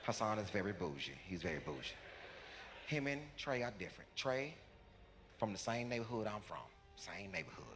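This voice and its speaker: A man's voice: lowish voice, moderate pace, soft background music. A male stand-up comedian telling a family story, repeating lines for effect. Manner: animated, with repetition for effect. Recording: live hall with background noise.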